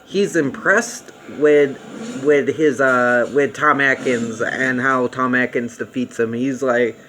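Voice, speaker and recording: A young man talks through a film review in a loose, rambling way, full of ums and restarts, getting excited about the parts he likes. His voice sits at an ordinary middle pitch. A faint hum of room ambience sits behind him. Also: takes it slowly. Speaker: movie reviewer. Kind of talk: casual spoken film review.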